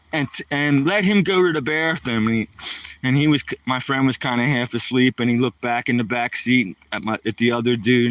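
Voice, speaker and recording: A man's voice: medium pitch, a bit bright, dry recording, distant mic. A man from the Philadelphia area telling rambling stories from his past in loose, casual chat, often tossing in "man" and "you know".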